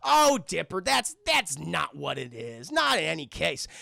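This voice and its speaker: A man putting on giddy girl Mabel's high squeal. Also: wildly swooping pitch, a little slow, creaky, sharp tone, dry recording, exaggerated voice. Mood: flustered. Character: excitable young girl, giddy and bubbly.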